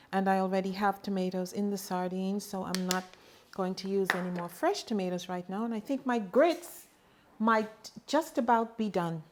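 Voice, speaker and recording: A middle-aged woman giving a home cooking demonstration in her kitchen, chatty and relaxed, with homey asides. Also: mid-range voice. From Bahamas. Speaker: home cook and farmer.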